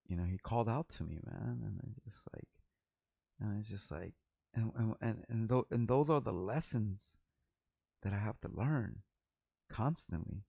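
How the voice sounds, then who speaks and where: A man's voice: fairly low pitch, vocal fry, warm tone, husky, no echo, clean studio sound. A man in his forties from Los Angeles, a rapper talking in a rambling, profane and candid vlog monologue.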